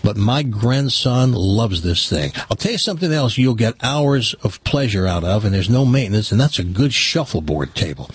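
A man's voice: on the low side, normal speed, hardly any pauses, breathy edge. Chatty older male radio host. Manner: animated, chatty, opinionated. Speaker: radio talk show host. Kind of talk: casual radio talk.

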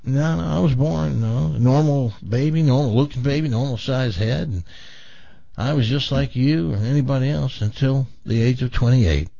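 A man's voice: medium pitch, normal speed, creaky, mellow, dry recording, dull audio. A man voicing a matter-of-fact, confiding man at a bar who tells his own strange story. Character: ordinary man with a tiny head, wry and matter-of-fact.

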